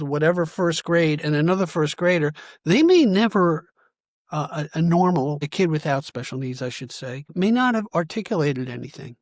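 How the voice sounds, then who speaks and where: A man's voice: a little high, dry recording, studio quality. Thoughtful man hosting an interview. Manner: thoughtful, halting, restarts sentences. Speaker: interview host. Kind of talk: conversational interview.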